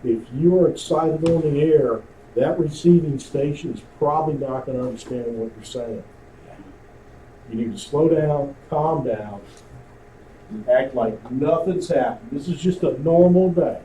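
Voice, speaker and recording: A man's voice: a little high, measured pace, warm tone. A man teaching a radio communications class at a club meeting, talking conversationally and quizzing the room. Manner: conversational, asks the room questions. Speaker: amateur radio instructor. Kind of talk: classroom lecture with audience questions. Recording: roomy, distant, faint hiss.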